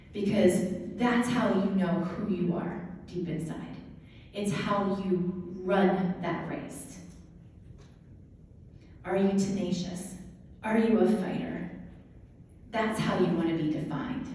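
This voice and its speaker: Woman, motivational speaker, lively storytelling, slow delivery, distant mic in a roomy hall. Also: medium pitch. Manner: lively storytelling, laughing often. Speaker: speaker telling a personal story. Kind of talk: motivational talk to an audience. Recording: echoey hall from far off, faint noise.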